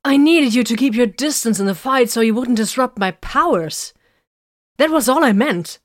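A woman's voice: lowish voice, normal speed, a little mellow, dry recording, clean studio sound, close to an everyday voice. A woman reading a story, voicing a blunt, sarcastic young woman with mystic powers.

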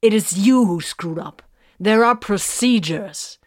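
A woman voicing a gruff male armored warrior-librarian who answers with sharp, biting retorts. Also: medium pitch, takes it slowly, dry recording, studio quality, voice pushed up, lightly acted. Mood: icy. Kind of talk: audiobook character voice.

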